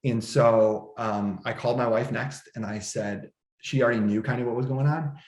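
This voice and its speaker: A man's voice: mid-range voice, steady tone, moderate pace, a little mellow, echoey room. A man recounting a personal story in conversation, with an emotional, restless delivery full of restarts and quoted dialogue. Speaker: podcast guest. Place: indoor room at home.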